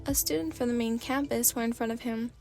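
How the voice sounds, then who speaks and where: A woman narrates a second-person fanfiction story in a gentle ASMR reading. Her voice sits on the high side and keeps an even storytelling flow. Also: brisk, soft background music.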